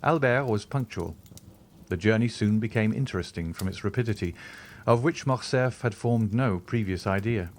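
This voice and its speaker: A man narrating a classic novel as an audiobook, in steady storytelling. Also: lowish voice, normal speed, a little hiss or hum. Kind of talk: scripted narration.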